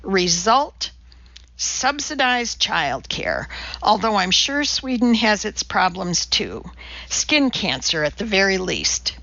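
A woman's voice: medium pitch, big pitch swings, slow, gravelly, bright, forceful tone, dry recording, muffled recording, heavily acted. A woman voicing an earnest, precise female TV cooking chemist who lectures in a matter-of-fact way, in an audiobook reading. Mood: lecturing.

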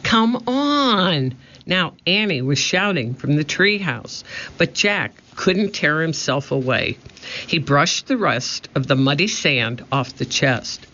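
A man narrating a children's storybook in a steady, expressive reading, in a muffled lo-fi recording. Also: on the high side, measured pace. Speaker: audiobook narrator. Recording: muffled lo-fi audio.

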